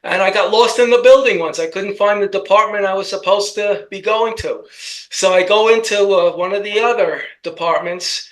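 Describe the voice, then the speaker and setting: High-voiced rambling man. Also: fairly bright tone, poor audio. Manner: rambling, halting with many restarts. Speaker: co-host. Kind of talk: casual commentary chat.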